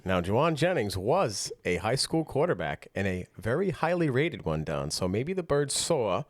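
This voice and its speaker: A man's voice: mid-range voice, sing-song, moderate pace, no room sound. A man hosting a sports podcast, steering the talk and reading out news points in a casual way. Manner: leads the segment, reads out news points.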